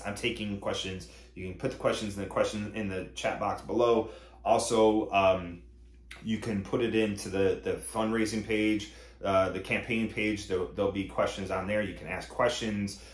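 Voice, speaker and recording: Deep-voiced man, echoey room. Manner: earnest, full of thanks. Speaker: comedy company owner. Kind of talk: live-streamed announcement speech.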